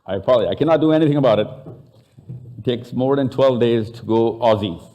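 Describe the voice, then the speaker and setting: A man with a Pakistani accent leads a live session, bantering and questioning people in the room. His voice is mellow and mid-pitched, and he slips into Urdu and Hindi between English lines. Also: fast talker. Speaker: speaker. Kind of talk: live talk to an audience.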